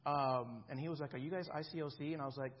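A man's voice: fairly high pitch, steady tone, fast talker, muffled recording, background noise. A man in his thirties preaching a sermon in a conversational way, often checking in with the congregation. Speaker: pastor.

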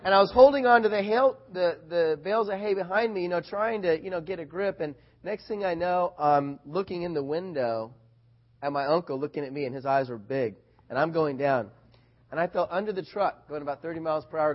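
A man preaching a sermon, telling a personal story in an animated, excited way and growing loud at its high points. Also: fairly quick, lo-fi sound. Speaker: pastor.

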